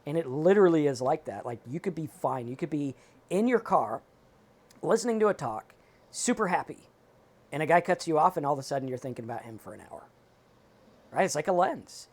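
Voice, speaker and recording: A man co-hosting a recovery talk show, giving casual advice in an animated, emphatic way and acting out his own inner thoughts. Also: on the high side, fairly quick. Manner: animated, emphatic, talks in quoted self-talk. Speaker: podcast co-host.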